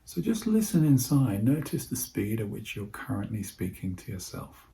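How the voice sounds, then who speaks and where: Guy teaching nurses to calm patients, slow soothing delivery, mellow low voice. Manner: demonstrates slowing his speech, with deliberate pauses. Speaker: presenter teaching voice techniques to healthcare staff. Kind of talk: instructional talk.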